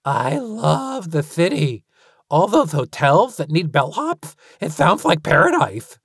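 A woman's voice: deep voice, very animated, takes it slowly, slightly rough, dry recording, studio quality, pitched above the performer's own voice, heavily acted. A woman voicing a dreamy child creature who longs for the city, wistful and eager.

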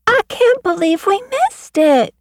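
A woman reading an audiobook, voicing an excitable young girl who pleads and wails. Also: high voice, takes it slowly, no echo, clean studio sound, voice pushed up. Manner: pleading, wailing.

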